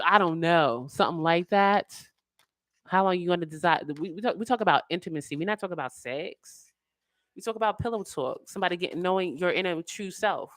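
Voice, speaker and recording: A woman giving a casual tarot reading in an animated way, full of slang, acting out the voices she quotes. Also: lowish voice, fairly quick, dry recording. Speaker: tarot reader.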